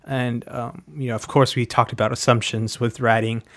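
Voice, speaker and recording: A man's voice: medium pitch, little pitch movement, normal speed, fairly bright tone. Hesitant man in casual talk. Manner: hesitant, many restarts and "you know". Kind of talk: casual chat.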